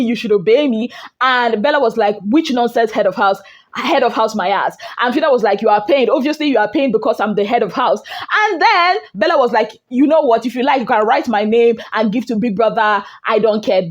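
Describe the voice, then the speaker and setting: Nigerian lady vlogger, high voice, spilling reality show gist all dramatic and animated. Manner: dramatic, animated storytelling with acted-out quotes. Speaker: entertainment gossip vlogger. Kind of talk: casual reality-show recap.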